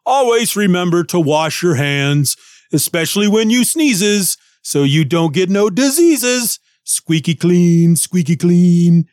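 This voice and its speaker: A man's voice: high voice, expressive, unhurried, hardly any pauses, no room sound, studio quality, voice pushed up. A man voicing a menacing creep who sneers and chants in a sing-song way.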